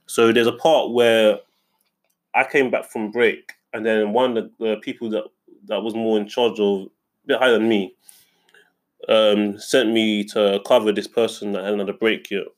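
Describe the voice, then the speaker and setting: A man's voice: lowish voice, level tone, moderate pace. A young man in casual chat, telling a story indignantly and rambling, with many restarts. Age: young adult.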